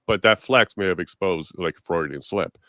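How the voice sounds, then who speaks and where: A man's voice: sits low, moderate pace, a bit bright, no echo, clean studio sound. A man hosting an interview show, earnest and steering the talk, reading quotes and asking his guest's view. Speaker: host.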